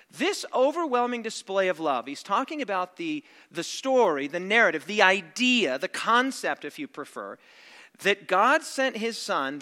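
A man's voice: sits high, pushed and bright. A middle-aged man preaching a sermon, reasoning step by step in an analytical way with asides. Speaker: pastor. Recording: long reverb of a large hall.

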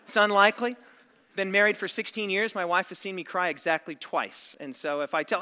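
A man's voice: sits high, steady tone, a little fast, pushed and bright. A middle-aged man preaching a sermon, reasoning step by step in an analytical way with asides. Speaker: pastor. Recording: long reverb of a large hall.

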